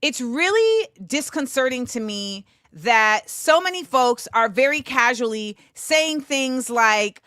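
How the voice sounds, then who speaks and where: Woman host, 40s, casual commentary, emphatic and conversational, slow, dry close sound. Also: high-pitched, lively intonation, a bit bright, dry recording. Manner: conversational and emphatic, with frequent fillers and laughter.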